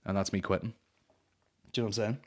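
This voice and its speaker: A man's voice: on the low side, fairly even intonation, fast talker. A young man hosting a comedy podcast, ranting casually in rambling, profane banter. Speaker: podcast host.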